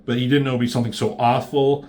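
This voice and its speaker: A man's voice: mid-range voice, flat delivery, rapid-fire, darkish tone. Offhand, swearing man recapping comics. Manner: rambling, swears freely, loose and offhand. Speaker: comic book reviewer.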